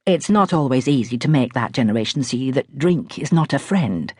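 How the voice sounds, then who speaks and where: A woman doing a calm young male doctor. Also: breathy edge, no echo, studio quality. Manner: measured, low and reassuring. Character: young male hospital consultant, patient and earnest.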